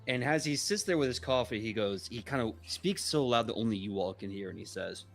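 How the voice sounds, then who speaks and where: A man narrating as game master in a relaxed, chatty way. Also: mid-range voice, a little fast, gravelly, soft background music.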